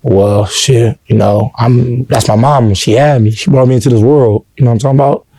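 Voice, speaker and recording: Earnest man telling his story, mellow voice. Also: medium pitch, steady tone, fairly quick, no room sound. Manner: peppers speech with "you know what I'm saying"; earnest, heartfelt. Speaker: interview guest. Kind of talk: casual personal storytelling.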